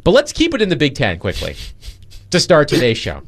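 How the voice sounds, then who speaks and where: Lively, mocking male sports talk host. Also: on the high side, a little fast, slight background noise. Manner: animated, mocking, laughs while talking.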